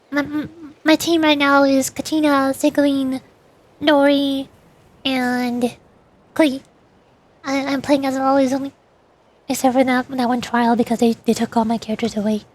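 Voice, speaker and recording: High-voiced playful woman streamer. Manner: playful, chatty, talks to her chat. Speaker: VTuber streamer. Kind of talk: casual gaming stream chat.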